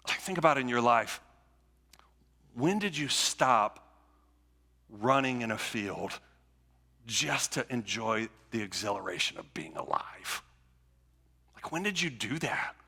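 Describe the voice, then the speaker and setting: A man's voice: medium pitch, sing-song, slow, gravelly, pauses often, pushed and bright, husky. A male pastor preaching a conversational sermon, repeating phrases and restarting as he builds his points. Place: church sanctuary. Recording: long church hall reverb.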